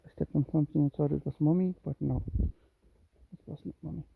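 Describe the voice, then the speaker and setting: A cat owner filming a kitten walk on a handheld phone outdoors at dusk, coaxing the kitten with calls and high meows. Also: steady tone, brisk, creaky, slightly rough. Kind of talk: casual narration while walking. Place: outdoors in woods and grass at dusk. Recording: tinny phone-like sound.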